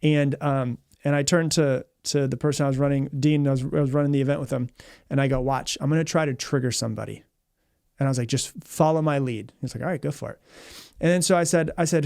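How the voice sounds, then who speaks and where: A man hosting a podcast as a mindset coach, telling a story in a fast, energetic way, often repeating himself and acting out what people said. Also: medium pitch, gravelly, no room sound, studio quality.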